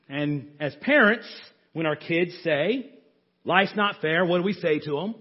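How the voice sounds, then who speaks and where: A man preaching a sermon as pastor, animated, mocking the complainers he acts out. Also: high voice, measured pace, husky, dull audio. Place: church sanctuary.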